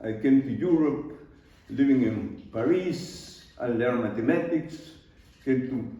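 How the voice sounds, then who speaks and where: An older Peruvian man with a Spanish-accented voice talks to an audience at an easy pace, pausing often with loose grammar. His voice is mellow and low in brightness. It is heard from across a very echoey studio, with a slightly dull sound. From Peru. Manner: unhurried, loose grammar, pauses and fillers. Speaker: artist giving a talk. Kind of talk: live talk to an audience. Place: large art studio. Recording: very echoey room from far off, dull.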